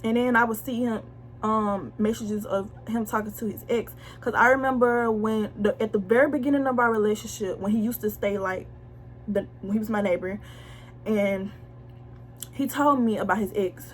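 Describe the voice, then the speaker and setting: A young woman blunt, slangy and animated as she tells viewers a personal story in a casual storytime vlog. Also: medium pitch, normal speed, a little hiss or hum. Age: young adult. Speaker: vlogger telling a story.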